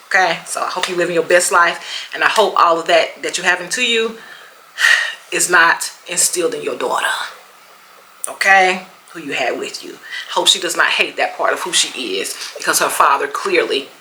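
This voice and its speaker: A woman from Mississippi with a Southern American accent, telling a storytime vlog in an animated way and acting out quotes. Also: on the low side, slight background noise, rough recording. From Mississippi, USA. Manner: animated storyteller, acts out quotes, laughs often. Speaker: vlogger.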